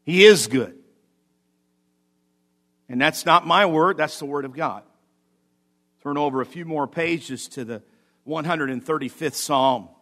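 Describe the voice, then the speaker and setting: Male pastor, sermon, lively delivery, loud emphasis then quiet asides, slightly high voice. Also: moderate pace. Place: church.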